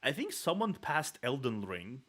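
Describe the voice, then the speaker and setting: A man's voice: mid-range voice, huge pitch swings, unhurried, bright, forceful tone. A man with a Russian accent and rolled R's, a native Russian speaker, streaming as a VTuber in rambling casual talk with frequent laughs and restarts.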